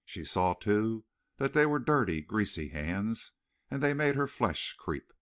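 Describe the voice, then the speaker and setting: A man narrating a western novel as an audiobook, reading in an expressive, dramatic way. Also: fairly low pitch, measured pace. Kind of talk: scripted narration.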